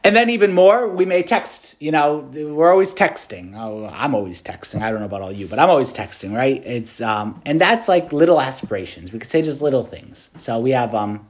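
A Catholic priest with a medium-pitched male voice preaches a casual, animated meditation, talking conversationally and leaning on plenty of fillers.

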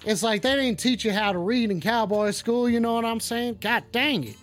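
A man's voice: very high-pitched, normal speed, fairly bright tone, soft background music. A man hosting a live call-in stream in character as a touchy, swearing cowboy with a put-on drawl, rambling and reacting to chat.

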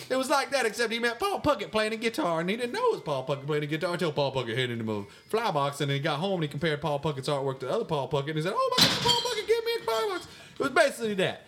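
A man, co-hosting a comedy show and answering listener mail in a mock-pompous voice. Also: fairly bright tone. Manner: mock-pompous, swings between high squeaks and low mutters. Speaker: podcast co-host answering fan mail in character.

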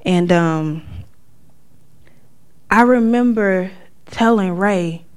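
A middle-aged woman giving a church testimony in a casual, conversational way, acting out quotes with sudden high outbursts. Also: very slow, clean tone. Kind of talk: testimony talk.

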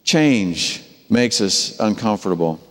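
Man preaching a sermon in a reverberant hall. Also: takes it slowly. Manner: animated storytelling, acting out voices with wide pitch swings. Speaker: pastor.

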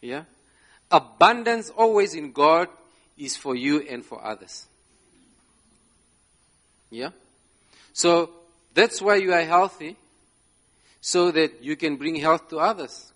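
Male preacher, slightly high voice, slow, emphatic delivery with frequent "yeah?" checks. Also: a bit bright. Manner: emphatic, repeats "Yeah?" to the congregation; laughs between phrases. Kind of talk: sermon. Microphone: slides shown, speaking to a live congregation.

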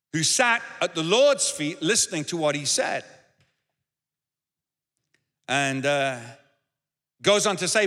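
A man's voice: fairly high pitch, bright, forceful tone, big-room sound. A man preaching a sermon as pastor, talking conversationally and repeating words as he goes. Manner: conversational, repeats words, shifts into acted quotes.

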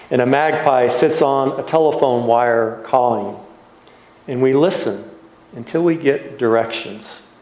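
A man, a pastor, giving a reflective sermon in a gentle, unhurried way with soft trailing pauses. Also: mid-range voice. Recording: echoey room.

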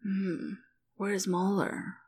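A worn-out young mother in a hospital bed, her voice weak, soft and drowsy, as a woman reading the story plays her. Even so, a dry humor shows through her tired words. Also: mid-range voice, moderate pace, close to an everyday voice.

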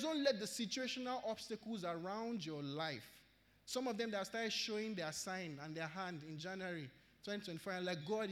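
A man with a Nigerian English accent preaches with a strikingly high voice and circles back to his key phrases. He delivers an earnest sermon in a church hall. A long reverb trails behind his words. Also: fairly bright tone. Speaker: pastor.

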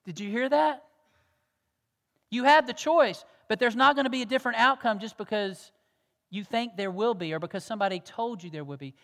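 A man preaching a sermon as pastor, earnest and pleading, moving from loud exhortation to hushed tones. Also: high voice, brisk, creaky. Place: church sanctuary. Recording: long reverb of a church hall.

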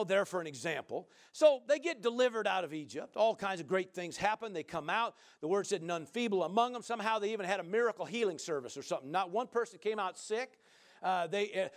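A man preaching a sermon in a folksy, joking way, often asking the listeners "right?" and swinging from loud to soft. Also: high-pitched.

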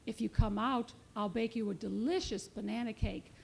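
A woman voicing a kindly grandmother in a children's storybook, coaxing and bright. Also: fairly high pitch, normal speed, gravelly, slightly rough. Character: kindly grandmother promising cake.

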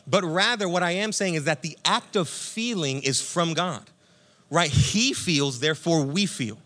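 A man pastor giving a conversational, energetic sermon, speaking to listeners as friends. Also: on the high side, a little slow.

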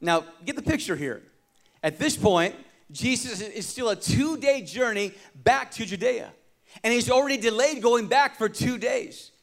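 A male pastor with a high voice delivers a sermon. He moves from loud, emphatic lines to quiet, hushed ones and calls out to the congregation for responses. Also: expressive, unhurried. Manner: dramatic preaching, swinging from loud emphasis to hushed tones.

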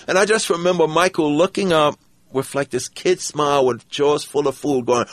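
A man guesting on a podcast, telling an anecdote in an animated, profane way and acting out the quotes. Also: fairly high pitch, moderate pace, dry recording. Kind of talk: storytelling anecdote.

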